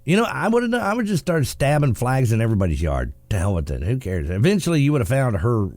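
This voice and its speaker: A man hosts a talk radio show from the studio, joking and sarcastic as he reads the news. His voice sits at an ordinary middle pitch. The sound is dry and close. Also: big pitch swings, fast, darkish tone, no echo. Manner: joking and sarcastic, laughs often. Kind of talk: casual talk radio commentary.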